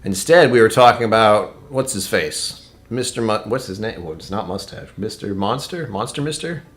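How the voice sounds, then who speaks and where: Man in his own home stream setup, lowish voice, loose rambling chat, jokey asides. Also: animated, moderate pace, fairly bright tone. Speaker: whiskey tasting streamer. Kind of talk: casual live-stream chat.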